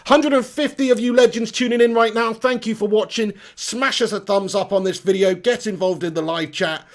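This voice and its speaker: Brief: energetic man, live-stream host, slightly high gravelly voice. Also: brisk. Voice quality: energetic, chatty, reads viewer comments aloud. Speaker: football fan channel host.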